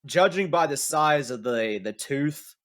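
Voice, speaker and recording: A man's voice: on the high side, expressive, a little slow, fairly bright tone. A man narrating as game master of a tabletop game, casual and hesitant with fillers.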